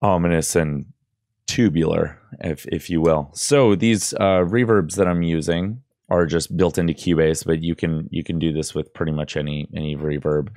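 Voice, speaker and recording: A man's voice: low voice, steady tone, moderate pace, darkish tone, no echo, studio quality. A man casually hosting an audio tutorial, rambling and hesitant with frequent fillers and restarts. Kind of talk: casual screen-recorded tutorial.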